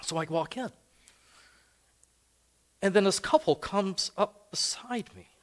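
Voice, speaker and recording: A man's voice: sits high, expressive, slow. An older man preaching a sermon as a pastor, telling personal stories in a conversational way. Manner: conversational and anecdotal. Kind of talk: storytelling sermon.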